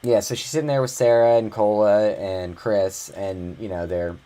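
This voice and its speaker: Deep-voiced man, chatty podcast host. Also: fairly even intonation, mellow. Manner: chatty, with halting restarts and frequent "you know". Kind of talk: casual chat.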